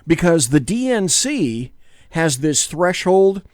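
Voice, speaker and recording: Rambling talk-show host, lively pitch. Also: male voice, slow pace, no echo, clean studio sound. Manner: rambling, self-correcting, jokey. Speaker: podcast co-host. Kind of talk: casual political talk show banter. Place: small studio.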